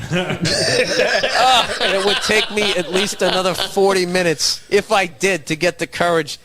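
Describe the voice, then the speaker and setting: A man's voice: high voice, lively intonation, a little slow, over loud music. A man doing a crude, swaggering comedic rant as a solo podcast host, swearing freely and laughing at his own jokes.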